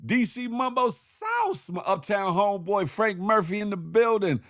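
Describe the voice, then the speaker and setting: Morning show host, man, lively and playful, dry close sound. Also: sits high, measured pace, dry recording. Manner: animated, playful, acts out quotes in voices. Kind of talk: casual chat with live chat shout-outs.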